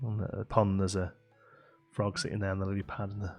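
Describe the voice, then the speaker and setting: A man's voice: sits low, completely flat delivery, quick pace, gravelly. Chatty man streaming a game. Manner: chatty, rambling, laughs often, many fillers. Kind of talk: casual chat to a live audience. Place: home streaming setup with a green screen.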